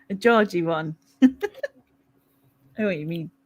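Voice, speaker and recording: A woman's voice: fairly low pitch, slow pace. A woman with a Mackem accent from North East England, hosting a casual live chat, laughing often and reading out viewers' comments. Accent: Mackem (Sunderland). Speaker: live stream host.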